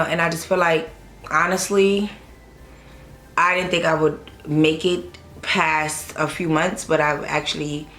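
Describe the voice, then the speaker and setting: Young woman, casual vlog, lower voice, emotional and hesitant, roomy echo. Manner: emotional, hesitant, holding back tears. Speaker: vlogger. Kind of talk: casual vlog talk to camera. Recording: echoey room with faint background noise.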